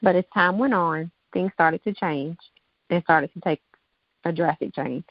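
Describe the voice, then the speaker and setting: Guest author, woman in her 30s, reads her poem with feeling. Lower voice, muffled dry recording. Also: unhurried, dry recording. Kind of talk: reading her own poem aloud. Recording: dull lo-fi dry sound.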